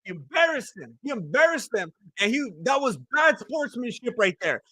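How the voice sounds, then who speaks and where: A man's voice: very high voice, very animated, moderate pace, pushed and bright, no room sound. A man giving casual, joking play-by-play of a live fight, rambling and repeating himself. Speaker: fight commentator. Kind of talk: casual live fight watch-along commentary.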